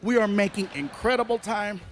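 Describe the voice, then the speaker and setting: A man performing stand-up comedy, telling a story in an animated way with bursts of shouting. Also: high-pitched, a little fast, very noisy.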